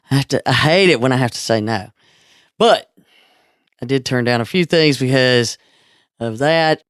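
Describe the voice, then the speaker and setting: A man co-hosting a podcast, talking in a relaxed, drawling way with frequent asides. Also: medium pitch, clear, resonant tone, no echo, studio quality. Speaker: podcast co-host. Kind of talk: casual chat.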